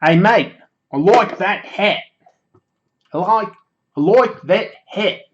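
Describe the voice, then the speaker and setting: Man doing a shaky attempted Australian accent, cheery hat-loving bloke, raised pitch, slow drawl, dull lo-fi audio. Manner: slow drawn-out phrases, repeats a catchphrase.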